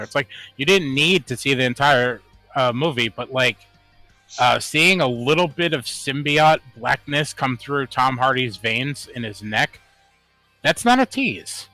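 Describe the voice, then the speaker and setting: A man co-hosting a casual podcast, talking in an animated way, swearing and laughing often. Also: unhurried, no echo, soft background music. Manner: animated, swears, laughs often, rising pitch when worked up. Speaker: podcast co-host. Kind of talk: casual chat.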